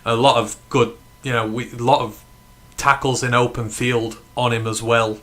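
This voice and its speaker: A man from the UK hosting a live fan watch-along stream, talking in an excited, emphatic way and swearing freely. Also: mid-range voice, moderate pace, heavy background noise. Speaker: fan podcast host.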